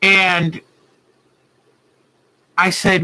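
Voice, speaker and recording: A woman's voice: lowish voice, slow, a bit bright, low-quality recording. A woman hosting a quilting livestream, telling a story in a heartfelt, earnest way. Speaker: quilting show host.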